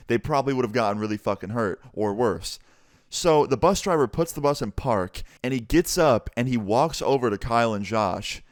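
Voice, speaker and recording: Brief: young man, storytime vlogger, low-key and profane, dry close sound, average pitch. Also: dry recording. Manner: laid-back, swearing, low-key delivery. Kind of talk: casual storytime vlog.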